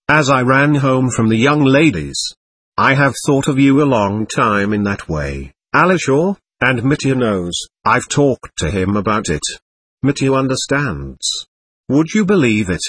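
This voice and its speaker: A man's voice: mid-range voice, a bit bright, slightly rough, no room sound, heavily acted. A man voicing an impulsive, emotional young Russian woman who pleads and reproaches herself.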